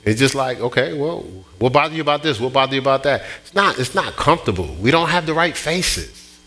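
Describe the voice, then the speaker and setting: Man preaching, middle-aged, lively swinging pitch, storytelling sermon, stops and restarts. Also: fairly quick. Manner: animated storytelling with many restarts. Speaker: pastor.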